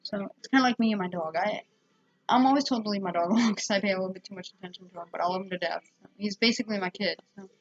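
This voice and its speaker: A woman's voice: mid-range voice, rapid-fire, muffled recording. A woman giving a casual, rambling spoken movie review at home, full of fillers and restarts.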